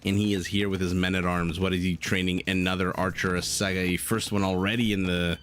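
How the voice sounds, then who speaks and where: A man's voice: low voice, flat delivery, brisk, a bit bright, a little hiss or hum. A man casting a strategy game live, chatting and laughing with his viewers between plays. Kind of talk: live esports commentary with chat.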